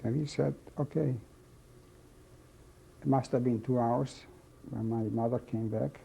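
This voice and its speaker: An older man from Czechoslovakia, telling his life story in an oral history testimony, halting and slow, repeating phrases as he remembers. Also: medium pitch, steady tone, vocal fry, warm tone. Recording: dull lo-fi recording, faint hiss.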